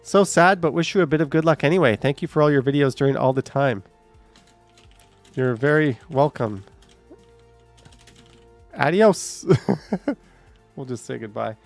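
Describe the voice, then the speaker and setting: A man's voice: mid-range voice, no room sound. A man hosting a casual livestream, reading out chat comments with joking, sarcastic asides and a bit short of breath.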